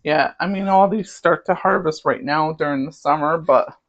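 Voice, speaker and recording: A woman's voice: deep voice, normal speed. Chatty Southern woman cooking at home. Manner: chatty, savoring food with hums. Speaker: cooking channel host. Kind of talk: casual cooking demonstration. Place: home kitchen. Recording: dull lo-fi recording.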